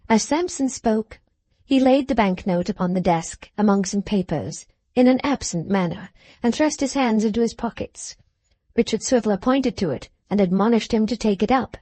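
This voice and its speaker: A woman reads a classic novel aloud as an audiobook, using a steady, measured storytelling style. Her voice sits at a medium pitch, and the scripted narration is recorded dry.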